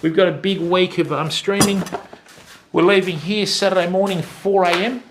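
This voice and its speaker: A man's voice: high-pitched, steady tone, normal speed, background noise. An Australian man hosting a casual live stream, chatting to viewers and calling them mate and bud. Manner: friendly, greets viewers by name, calls people mate and bud. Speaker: fishing stream host.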